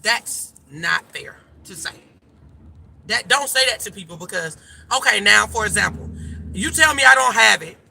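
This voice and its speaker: A woman's voice: mid-range voice, expressive, normal speed, creaky, bright, forceful tone, a little hiss or hum. A woman life coach talking casually and emphatically to her viewers from a car, calling them y'all. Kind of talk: casual direct-to-camera chat.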